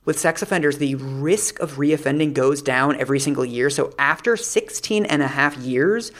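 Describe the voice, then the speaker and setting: A woman co-hosting a casual discussion who talks in an animated, emphatic way and says "like" often. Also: deep voice, moderate pace.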